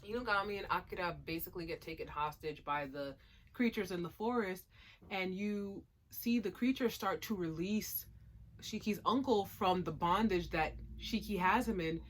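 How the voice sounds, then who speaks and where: A woman hosting a casual spoken review, talking emphatically and moving from hushed remarks to loud outbursts. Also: on the low side, normal speed. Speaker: anime reviewer.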